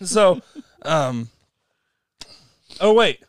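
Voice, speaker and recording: The voice is a young man's, high-pitched, creaky and extremely slow, pausing often. In casual chat he tells a long story animatedly, laughing a lot and acting out the characters in it.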